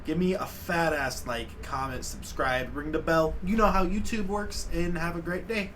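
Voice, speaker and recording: A man's voice: fairly high pitch, normal speed, fairly bright tone, a little hiss or hum. A man hosting a casual YouTube reaction video, swearing freely and gushing about what he has just watched.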